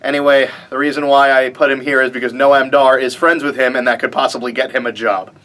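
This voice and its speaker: A man's voice: medium pitch, little pitch movement, fairly quick, a bit bright. A young man hosting a wrestling vlog, chatting casually with a wry, mock-reluctant tone. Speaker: wrestling show host.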